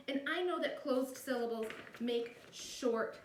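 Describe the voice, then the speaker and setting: A woman's voice: high voice, measured pace, hardly any pauses, recorded from a distance, a little hiss or hum. A woman teacher giving a recorded video lesson, explaining patiently step by step and often checking in with "all right?". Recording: echoey room, voice a bit off-mic.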